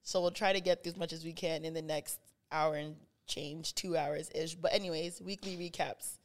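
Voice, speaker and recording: A woman's voice: low voice, fairly even intonation, normal speed. Podcast host, young woman, casual and bossy, laughs easily, keeps the show moving. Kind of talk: casual chat.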